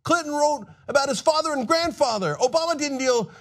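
A man's voice: very high voice, fairly quick. A man hosting political commentary, ranting sarcastically and mocking others in put-on voices.

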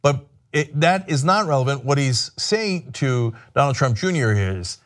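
A man's voice: medium pitch, animated, a little slow, hardly any pauses. A man giving sarcastic political commentary in a mocking manner.

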